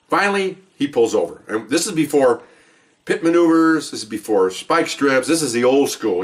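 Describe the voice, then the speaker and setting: A police officer tells stories from his job in a relaxed monologue, speaking emphatically and often ending his points with "okay?". His voice is mid-range and a little bright, and he sounds far from the microphone.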